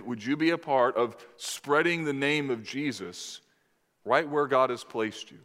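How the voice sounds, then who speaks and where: A man's voice: on the high side, fairly bright tone. Man preaching in a reverberant hall. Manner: measured, emphatic, addresses the congregation with questions. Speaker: pastor. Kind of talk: sermon. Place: church sanctuary. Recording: long reverb in a large hall.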